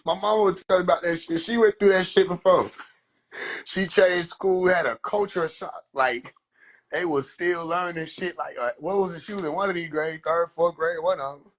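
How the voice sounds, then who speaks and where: A young man livestreaming from his phone, rambling in an animated, profane way and slipping into quoted voices. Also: high-pitched, moderate pace. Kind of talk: rambling casual livestream monologue. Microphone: phone on a live stream.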